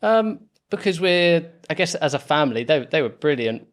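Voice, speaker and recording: A man's voice: fairly high pitch, very animated, moderate pace. A man, talking through his story as a guest on a podcast interview. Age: 30s. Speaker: property investor guest.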